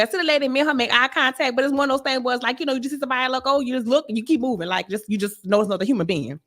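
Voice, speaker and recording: A woman, co-hosting a casual chat show and telling a blunt, animated story with frequent laughter. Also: on the high side. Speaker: podcast co-host.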